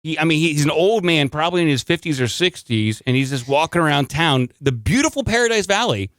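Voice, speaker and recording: A man's voice: on the high side, brisk, fairly bright tone, no room sound, studio quality. A man co-hosting a podcast, casually chatting and joking while reacting to a news clip. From lived in Arizona. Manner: joking, incredulous. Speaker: podcast co-host.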